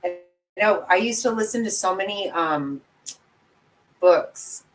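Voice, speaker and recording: On her casual livestream, a commentary channel host laughs a lot, chats with viewers, and pokes fun at herself. Her mid-range voice moves slowly over faint background music, in a low-quality recording.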